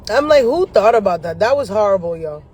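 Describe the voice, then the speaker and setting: This astrology vlogger has a high, husky voice and talks briskly while chatting casually to camera in his parked car. He tells lively stories packed with slang and curse words, laughing often as he goes.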